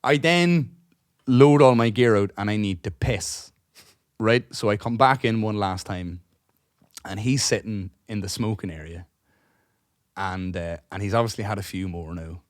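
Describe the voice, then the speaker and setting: Co-hosting a podcast in casual chat, a man rambles through a long anecdote, swearing a lot and acting out other people's lines, restarting and trailing off as he goes. His voice is on the low side and measured, recorded with studio quality and no room sound.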